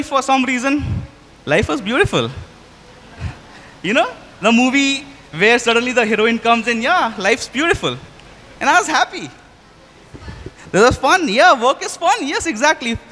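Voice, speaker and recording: A young man performing a story live, chatty and animated, speaking straight to the audience and shifting his pace for effect. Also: very high-pitched. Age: young adult. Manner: chatty, addresses the audience directly. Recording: hall reverb.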